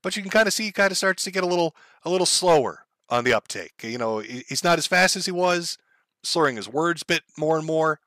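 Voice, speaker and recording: A man talks through events in a relaxed, explanatory way and often pauses on fillers. His voice is bright and a little high. The recording is dry and close. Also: dry recording. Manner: conversational, explanatory, frequent fillers. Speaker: commentator. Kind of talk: casual commentary.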